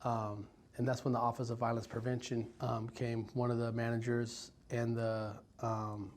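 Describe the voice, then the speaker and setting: A man in his forties from Stockton, California, telling his life story in an interview, reflective and halting with many pauses and ums. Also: mid-range voice, flat delivery, a little mellow, slight background noise. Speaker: violence prevention worker. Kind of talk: personal story told in an interview.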